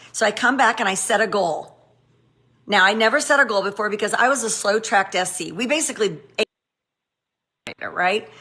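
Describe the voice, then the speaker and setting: A middle-aged woman from the United States giving a motivational training talk, animated and sassy, full of exclamations. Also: medium pitch. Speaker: network marketing trainer.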